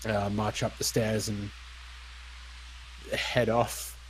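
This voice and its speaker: A young man narrating as dungeon master, relaxed and hesitant, with frequent ums and uhs. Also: lowish voice, slight background noise, rough recording. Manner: unhurried, lots of ums and uhs. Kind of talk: narrating a tabletop game.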